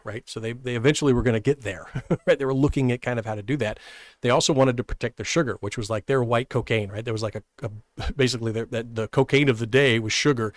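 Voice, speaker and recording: A man talks history in a quick, lively stream host's voice, full of asides and little chuckles. He sits close to the mic, and the sound is dry, with no room in it. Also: mid-range voice, dry recording. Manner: fast, conversational, with chuckles and many "right?" asides. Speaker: history show host. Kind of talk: casual live-stream history talk.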